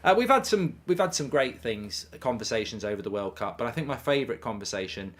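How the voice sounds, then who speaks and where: A man's voice: mid-range voice, big pitch swings, fast. Chatty man hosting a live stream. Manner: chatty, reads chat messages aloud, frequent ums. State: hiccups. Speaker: watchalong streamer. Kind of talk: casual live-stream chat.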